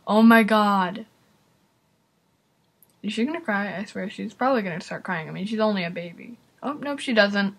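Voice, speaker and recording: Speaking at a moderate pace with long pauses, a woman offers casual reaction commentary on a video in a mid-range voice. She gets excited, exclaims a lot and addresses her viewers directly.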